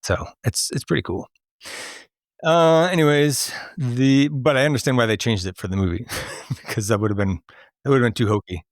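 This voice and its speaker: A man's voice: medium pitch, moderate pace, dry recording. Chatty male podcast host, dry sound. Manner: chatty, laughs often. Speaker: podcast host running a movie quote quiz. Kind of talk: casual chat.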